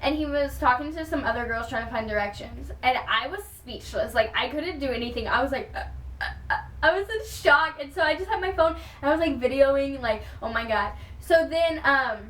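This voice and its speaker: A high-pitched woman from Texas tells a storytime vlog, gushing and excitable, her talk full of fillers. She sits a little back from the microphone, and the room gives her voice a roomy echo. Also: a little fast. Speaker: vlogger. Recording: roomy sound with the mic at a distance.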